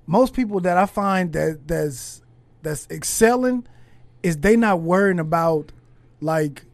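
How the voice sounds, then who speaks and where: A male podcast host with a high voice, recorded dry and close with no room sound. He talks in a relaxed, thoughtful way, stopping and restarting as he works out his point. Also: gravelly, no room sound. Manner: reflective, halting, with many restarts. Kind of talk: casual conversation.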